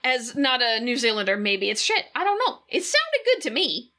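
A woman co-hosting a podcast, talking in a chatty, animated way. Her voice sits high and swings widely. Her tone is bright, and she swears casually. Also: moderate pace. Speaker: podcast co-host. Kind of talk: casual chat.

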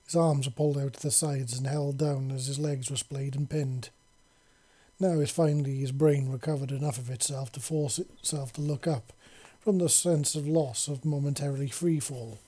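A man reads a story aloud in a calm, even pace. His voice is dark and mellow, with a husky, breathy grain. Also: mid-range voice, normal speed. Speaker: narrator.

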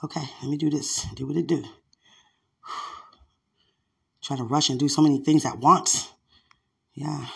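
A woman's voice: deep voice, lively intonation, measured pace, gravelly, pauses often, a bit bright, husky. A woman hosting a podcast, chatting casually into her phone while getting dressed at home, playful and teasing, and a little out of breath. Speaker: podcast host.

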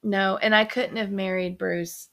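A woman's voice: mid-range voice, steady tone, measured pace, fairly bright tone. A middle-aged mother talking casually about faith and love as a podcast guest, earnest and affirming. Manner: earnest, affirming with frequent mm-hmms.

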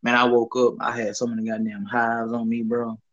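A man's voice: medium pitch, completely flat delivery, brisk, muffled recording. A young man from the Southern US telling a rambling, profane story in a laid-back, casual chat. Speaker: podcast co-host.

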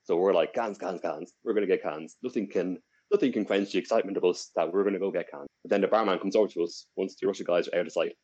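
Speaking very fast with few pauses, this young Irish co-host rambles through a long podcast story, full of restarts and fillers. His low voice is a little mellow with a breathy edge, and the recording's highs are cut off.

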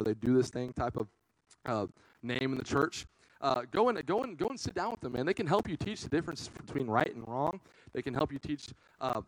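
Young male youth preacher, casual and earnest, slightly high voice, dry close sound. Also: no room sound, rough recording. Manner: casual, earnest, says "man" often. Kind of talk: sermon.

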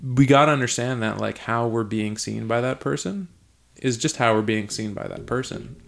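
A man with a gravelly, creaky voice talks in a relaxed podcast conversation. He is reflective and thoughtful, and gets lively and animated when something excites him. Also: mid-range voice, normal speed. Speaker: podcast host. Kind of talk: casual conversation.

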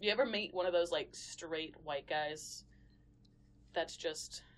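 A woman's voice: sits low, slow pace, a little hiss or hum. A young woman co-hosting a podcast in casual chat, blunt and crude, telling stories and acting out what others said. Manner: blunt, crude storyteller who acts out quotes. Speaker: podcast co-host.

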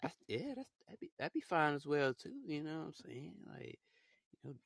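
Gravelly, lively young man rambling. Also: fairly high pitch, moderate pace, no echo. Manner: rambling, loose slangy talk with many fillers. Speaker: podcast host. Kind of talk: casual podcast chat.

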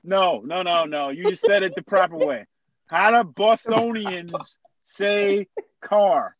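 A man's voice: high voice, takes it slowly, muffled recording, a crowd in the background. A man hosting a podcast, playfully teasing and pushing his guests in casual chat. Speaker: podcast host.

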